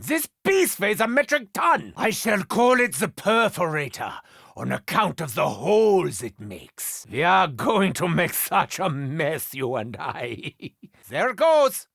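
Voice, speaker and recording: A cackling German mad scientist. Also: male voice, high voice, gravelly, dry recording, studio quality, full character voice. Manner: theatrical, gleeful, sudden shouts and cackles. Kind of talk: video game voice lines.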